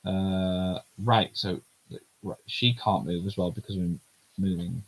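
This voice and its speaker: A man's voice: sits low, steady tone, slow, husky, poor audio. A man streaming himself reading a manga aloud, chatty and giggly, in casual commentary.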